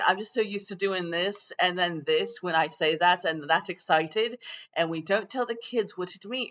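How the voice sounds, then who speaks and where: A man's voice: sits high, bright, forceful tone, lo-fi sound. A man improvising a loose, rambling lecture as a self-styled teacher of a magic class.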